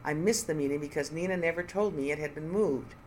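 A reader voicing a composed female professor in her fifties who speaks flatly and coldly. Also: mid-range voice, quick pace, a little hiss or hum, natural voice, low-quality recording. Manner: flat, calm and cold.

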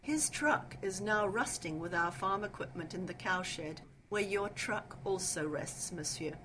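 A woman's voice: mid-range voice, fairly bright tone, a little hiss or hum, lightly acted. A woman doing an icy vengeful old nun. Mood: cold, vengeful. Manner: icy, slow and measured. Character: cold vengeful elderly nun, Mother Superior.

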